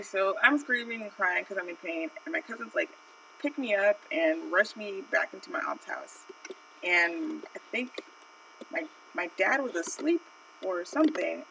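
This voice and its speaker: A woman tells a rambling childhood story on her art stream, dotted with "like" and "you know." Her mid-pitched voice carries some vocal fry. She sits a little back from the mic, and a faint electrical hum runs underneath. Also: fairly bright tone, far from the mic, rough recording. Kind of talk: casual live-stream storytelling.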